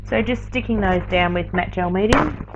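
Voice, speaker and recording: Medium in pitch and moderate in pace, this woman's voice sits over a noisy background. An art journaling teacher, she sounds tired as she chats casually through a late-night craft tutorial, rambling and self-correcting, in slightly dull lo-fi audio.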